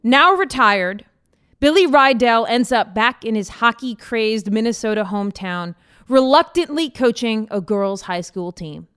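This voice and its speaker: A woman's voice: fairly high pitch, expressive, a little slow, fairly bright tone, clean tone. A woman co-hosting a podcast, chatting and teasing her co-host in a playful, casual way.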